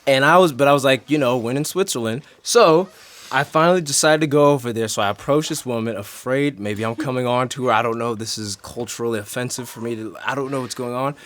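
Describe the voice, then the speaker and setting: A man in a band telling a story in an interview, lively, with big swings in pitch and volume. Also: fast talker. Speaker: band member.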